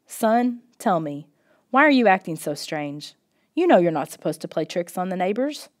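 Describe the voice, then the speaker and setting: A woman's voice: lowish voice, sing-song, moderate pace. A woman voicing a stern, strict father scolding his son, from a storybook audiobook. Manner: stern, demanding.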